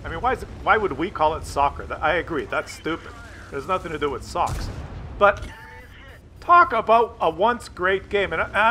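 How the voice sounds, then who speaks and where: High, bright-voiced man ranting. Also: slight background noise. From Canada. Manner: profane, sarcastic, mock play-by-play. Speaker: gaming channel host. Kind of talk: ranting commentary over gameplay.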